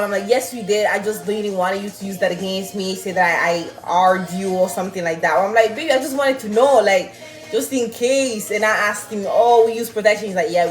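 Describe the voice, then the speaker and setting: Young woman, animated, swearing, roomy sound, faint music behind. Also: mid-range voice. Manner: animated, swearing, laughing, reading chat aloud. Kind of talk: casual storytelling to viewers.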